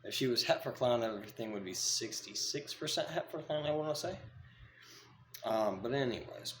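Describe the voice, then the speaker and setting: A man breeding pythons, talking casually with many fillers and restarts, cooing softly to his snakes in between. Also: medium pitch, animated, moderate pace, echoey room, a little hiss or hum. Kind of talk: casual vlog.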